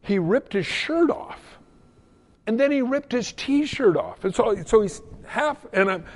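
A man who is a pastor, preaching a sermon and telling a story in an animated way, often repeating words as he goes. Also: very high voice, unhurried.

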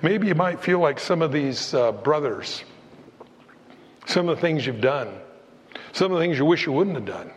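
A man preaching a sermon as pastor, animated, acting out the voices of Bible figures as he goes. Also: on the high side, moderate pace, long pauses, a little hiss or hum. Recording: long hall reverb.

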